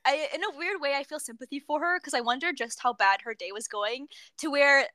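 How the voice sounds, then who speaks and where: A young woman co-hosting a casual chat, reacting with sympathy and quick laughs. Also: high voice, bright, forceful tone, no room sound. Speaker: podcast co-host.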